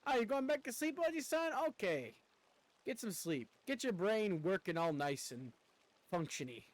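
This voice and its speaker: A mellow stoner dude in a put-on island accent, as a streamer puts him on, singing his words high and loose. He drawls lazily with a lot of bounce in his voice. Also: sing-song, moderate pace. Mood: mellow teasing.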